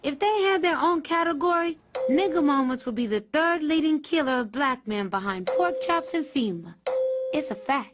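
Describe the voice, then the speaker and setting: A woman voicing the deadpan narrator of an animated clip, played back with noise. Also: high voice, normal speed. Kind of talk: deadpan documentary-style narration.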